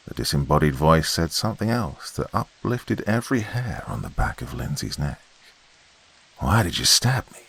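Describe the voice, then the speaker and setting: A man narrating a scripted horror story in a dramatic, measured way. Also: sits low, creaky, fairly bright tone.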